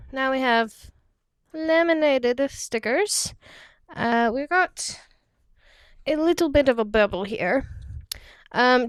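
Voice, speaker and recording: A young American woman narrates a sticker-making tutorial, her voice smooth and slightly high. She chats in a self-deprecating way, slips into a playful half-British lilt, and quiets down for careful steps. The sound is close and dry. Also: dry recording. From United States. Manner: drops to a soft, quiet murmur during careful steps. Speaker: vlogger. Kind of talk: casual crafting tutorial.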